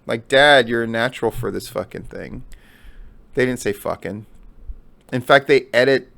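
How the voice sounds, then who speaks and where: Gravelly, mid-range, and a bit bright, the voice belongs to a middle-aged man doing a solo wrestling-news commentary. He's blunt and profane, swears heavily, and repeats himself to drive points home.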